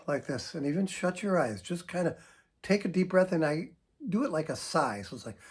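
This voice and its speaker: An older man speaks as a psychotherapist, earnestly stressing each point of his advice. His voice sits a little high for a man and has a husky edge. Now and then he breathes out long, audible sighs to show the technique. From United States. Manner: earnest, emphatic, demonstrates sighs and deep breaths. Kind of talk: direct-to-camera advice talk.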